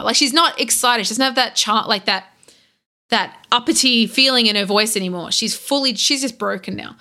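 A young Australian woman chatting casually on a podcast, animated and laughing, acting out characters' lines as she retells a game. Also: on the high side, moderate pace. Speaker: podcast guest.

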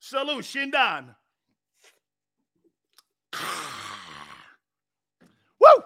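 A middle-aged man hosting a live sports talk show, loud and brash, often shouting and laughing as he reads viewer comments. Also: high voice, big pitch swings, extremely slow, vocal fry, pauses often, dry recording, clean studio sound.

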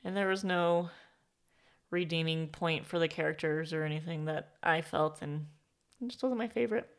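A woman's voice: low-pitched, normal speed, smooth. A woman in her thirties co-hosting a podcast, talking casually and wryly about books she has read. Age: 30s. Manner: chatty, wry. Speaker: podcast co-host. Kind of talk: casual book chat.

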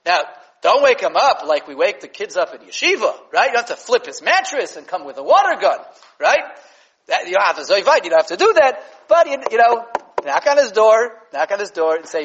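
A man teaches a Torah lesson at a quick clip, his fairly high voice leaping in pitch as he acts out the scenes. The recording sounds dull and lo-fi. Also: breathy edge. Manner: animated, with many fillers and restarts. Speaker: rabbi teaching a class.

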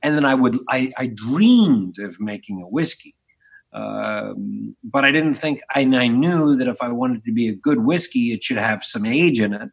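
A man in his forties, originally from Philadelphia, talks as a guest on an interview show. He tells his stories in a lively, rambling way, restarting his sentences and swearing now and then. His voice is mid-pitched and ordinary. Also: normal speed, creaky, slightly rough. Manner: animated, swears casually, many restarts. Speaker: podcast guest, spirits entrepreneur. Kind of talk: casual storytelling interview.

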